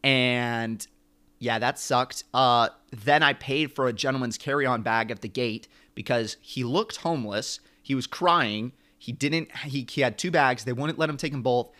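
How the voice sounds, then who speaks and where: A young man co-hosting a podcast, telling a long story in an animated, rambling way. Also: medium pitch, measured pace. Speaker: podcast co-host. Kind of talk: casual chat.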